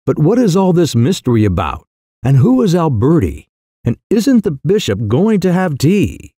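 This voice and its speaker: A man doing a flustered, fussy old gentleman. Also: a little high, huge pitch swings, moderate pace, slightly rough, no echo, studio quality, pitched above the performer's own voice, full character voice. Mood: flustered, indignant. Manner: anxious, indignant, stammering. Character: fussy elderly country gentleman, easily flustered.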